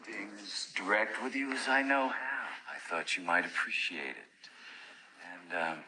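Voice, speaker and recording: A man's voice: lowish voice, measured pace, noisy background, close to an everyday voice. An actor playing a lecherous, devilish man who talks slyly and suggestively, sometimes dropping to a whisper. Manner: sly, insinuating, drops to a whisper.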